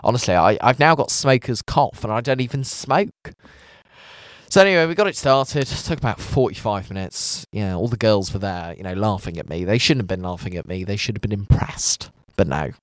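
Lively low-voiced man hosting. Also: a little fast, dry recording, studio quality. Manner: rambling, self-mocking, animated storyteller. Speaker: radio show host. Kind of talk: chatty anecdote-telling. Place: studio.

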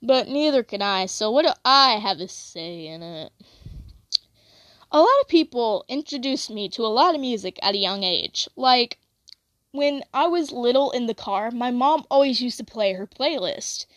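A woman's voice: a little high, expressive, moderate pace, fairly bright tone, no room sound, studio quality. A young woman chatting casually, rambling with lots of "like" and self-corrections.

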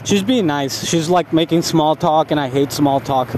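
A man's voice: a little high, moderate pace, a little mellow, a little hiss or hum. A young man telling a rambling, profane story about himself in a casual vlog, laughing at himself.

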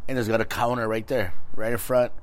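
A man co-hosting a podcast, telling a story in casual, animated chat, laughing often and swearing freely. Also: mid-range voice, fairly quick. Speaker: podcast co-host.

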